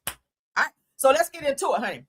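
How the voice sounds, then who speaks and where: A woman's voice: sits high, lively intonation, quick pace. A woman hosting a casual celebrity news show, reading stories aloud and breaking off into sassy, profane, sarcastic asides. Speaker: host.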